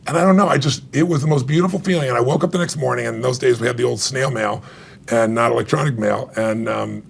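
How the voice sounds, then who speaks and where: Gravelly, husky middle-aged man telling a story. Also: mid-range voice, fast. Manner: animated, acts out quoted dialogue, laughs often. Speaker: author and guest. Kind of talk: emotional storytelling in conversation.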